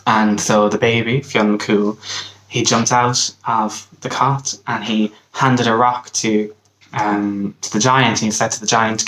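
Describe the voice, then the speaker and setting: A young Irish man, a camp counselor, casually telling a folk tale in a relaxed, hesitant way with pauses and restarts. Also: lowish voice, poor audio. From Ireland.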